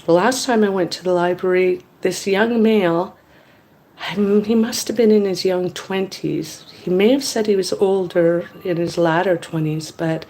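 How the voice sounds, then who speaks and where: A woman in her fifties telling a story in a casual monologue, blunt and candid, acting out both sides of the conversation in lively quoted voices. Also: lowish voice, moderate pace. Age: 50s. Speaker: vlogger.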